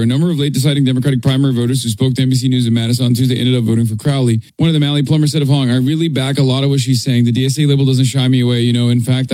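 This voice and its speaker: A man's voice: medium pitch, dark tone, dry recording. A man ranting in an exasperated, sarcastic, profane commentary clip.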